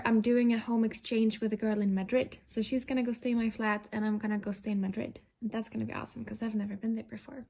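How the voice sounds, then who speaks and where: A young woman chatting casually in a vlog from an apartment, rambling and self-deprecating with lots of fillers and restarts. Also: on the high side. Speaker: vlogger. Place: indoors in a rented apartment.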